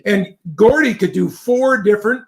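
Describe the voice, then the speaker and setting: A man's voice: high-pitched, normal speed. A man in his sixties telling old stories with enthusiasm in a casual video chat. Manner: storytelling, reminiscing, enthusiastic.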